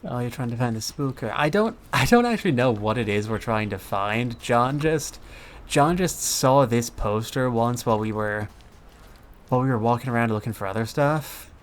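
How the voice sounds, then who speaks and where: A man's voice: medium pitch, expressive, moderate pace. A man streaming a game, chatting to his viewers in a sarcastic, joking way. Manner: sarcastic, joking, talks to chat. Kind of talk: casual game commentary.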